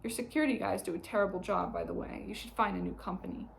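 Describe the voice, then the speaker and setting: A woman's voice: mid-range voice, quick pace, gravelly, slight background noise. A woman reading aloud and voicing a whiny, nasal homeless man who defends himself. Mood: matter-of-fact. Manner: pleading, self-justifying.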